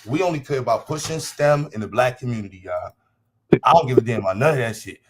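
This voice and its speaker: A man's voice: mid-range voice, fast talker, a little hiss or hum. Blunt, profane man hosting a livestream. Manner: repeats himself for emphasis. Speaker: livestream host. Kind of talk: casual livestream talk to chat.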